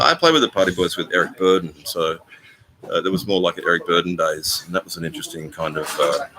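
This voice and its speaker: This older man has a very deep, low-pitched voice and talks in a loose, meandering way, stopping and restarting often. He sounds like he is on a phone live stream, with plenty of noise behind him. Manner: rambling, halting, with frequent ums and restarts. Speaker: vlogger hosting a live stream. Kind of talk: casual live-stream chat.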